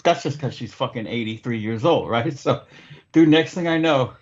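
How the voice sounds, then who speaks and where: A man's voice: mid-range voice, moderate pace, lo-fi sound. A man hosting a podcast, telling stories in casual, profane chat. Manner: profane, animated storyteller. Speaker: podcast host.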